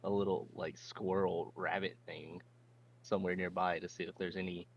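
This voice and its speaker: A deep-voiced man talks through his moves in a tabletop game, eager and rambling. His voice comes through a dull, lo-fi mic with a faint hum behind it. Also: level tone, moderate pace. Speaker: player. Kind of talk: tabletop role-play.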